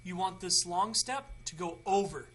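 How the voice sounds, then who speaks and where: A man's voice: high-pitched, animated, normal speed, fairly bright tone, a little hiss or hum. A young man hosting a casual how-to video, chatty and rambling with frequent restarts. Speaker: tutorial host.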